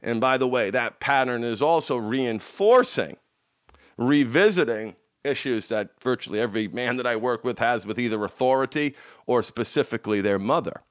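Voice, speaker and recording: A man coaching an audience in a motivational talk, emphatic and repetitive, swinging from loud bursts to hushed lines, with frank, salty language. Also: medium pitch, expressive, normal speed, no room sound, clean studio sound. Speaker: addiction recovery coach.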